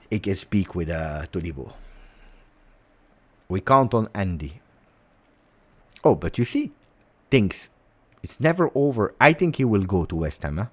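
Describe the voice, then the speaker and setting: A man hosting a livestream of football transfer news, speaking theatrically, repeating words, and swinging between quiet asides and loud outbursts. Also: fairly low pitch. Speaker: football fan channel host.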